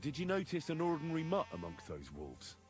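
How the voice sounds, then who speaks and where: A plain-spoken young adventurer. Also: male voice, a little high, wildly swooping pitch, a little fast, soft background music. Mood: asking. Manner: matter-of-fact questioning.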